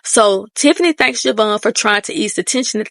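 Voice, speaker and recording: A woman's voice: medium pitch, moderate pace, vocal fry, fairly bright tone, no room sound, clean studio sound. A woman casually recapping a TV episode in a sassy way. She talks straight at the characters and calls people baby and girl. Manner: folksy terms of address like baby and girl. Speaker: TV recap host.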